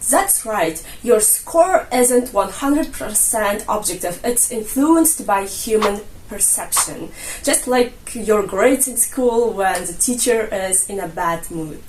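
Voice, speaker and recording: A woman's voice: on the high side, animated, measured pace, a little mellow, slight background noise. A woman coaching viewers on an English exam in a chatty, jokey way, a native Russian speaker. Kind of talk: casual explainer narration. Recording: roomy, a bit distant from mic, light music.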